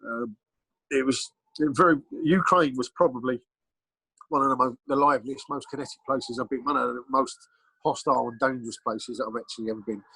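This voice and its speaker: Man, middle-aged, husky, blunt, rambling storyteller, dry sound. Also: mid-range voice, fairly even intonation, fairly quick, bright, forceful tone, dry recording, low-quality recording. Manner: rambling, blunt, with frequent ums and restarts. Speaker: podcast guest, former bodyguard. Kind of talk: casual storytelling interview.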